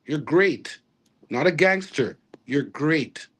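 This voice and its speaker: A man's voice: a little high, expressive, takes it slowly, a bit bright. A man, a reggae artist talking casually in an interview, rambling with restarts and slang.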